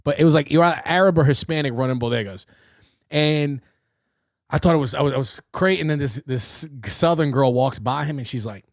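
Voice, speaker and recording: Fairly quick and medium-pitched, a young man from New York City tells stories while hosting his livestream podcast, casual, animated and cursing freely. The recording is dry and studio quality.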